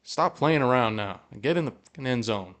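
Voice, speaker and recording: A male fan podcast host giving live reaction to a football game into a podcast mic, excitable, swearing, cheering and groaning at each play. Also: mid-range voice, brisk.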